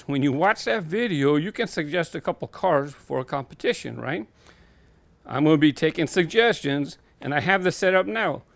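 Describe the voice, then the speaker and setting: A man's voice: fairly high pitch, creaky, fairly bright tone, no room sound. A man casually walking through his toy car collection, rambling and thinking aloud with lots of fillers. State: out of breath. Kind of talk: casual walk-through vlog. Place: home warehouse room.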